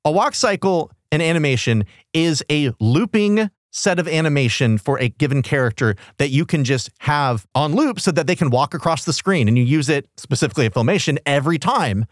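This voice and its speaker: Lively, animated man chatting. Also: on the high side, brisk, hardly any pauses, no echo, studio quality. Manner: animated, laughs often. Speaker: podcast co-host. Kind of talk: casual chat.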